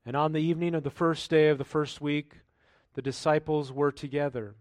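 The speaker is a pastor delivering a sermon: he reads from scripture, then reflects on it in an easy, conversational tone, using rhetorical questions. His voice is a little high and a little fast, with no room sound.

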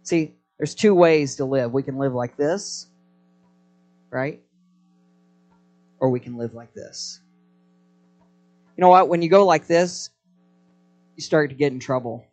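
A man's voice: fairly high pitch, measured pace, pauses often, a little mellow, faint music behind. A man preaching a live sermon to a congregation, telling stories with energy and prompting the crowd to respond. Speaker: pastor.

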